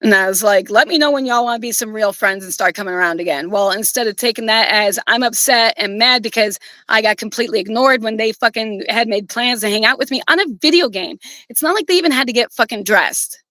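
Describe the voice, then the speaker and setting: Woman, bright tone, dry close sound, casual rambling story, lots of swearing. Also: fairly high pitch, brisk, no room sound, rough recording. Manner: blunt, heavy swearing, rambling. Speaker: streamer telling a personal story.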